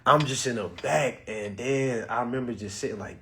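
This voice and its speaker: A man telling a personal story to his viewers in a casual, animated, profane way, calling them y'all. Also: medium pitch, normal speed. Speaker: vlogger.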